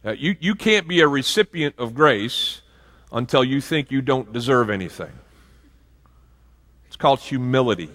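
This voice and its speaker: A male pastor delivers a sermon in a loose, conversational style, often restarting his sentences and dropping in asides. His voice is bright and forward, and it sits at an ordinary pitch. A long church-hall reverb trails after each phrase. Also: expressive, moderate pace, pauses often. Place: church sanctuary.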